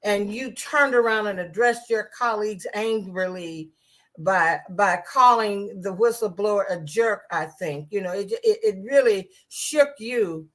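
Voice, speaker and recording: A woman talks through the news at a slow, unhurried pace, her pitch sitting in an ordinary middle range. She is sarcastic and rambling, doubling back on herself with restarts and asides as she comments. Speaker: political commentator. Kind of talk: casual political commentary vlog.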